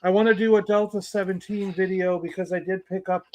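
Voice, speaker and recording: Brief: high-voiced male co-host, dry close mic, rambling casual chat. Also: steady tone, brisk, a little mellow, no echo. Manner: rambling, many fillers. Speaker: livestream co-host.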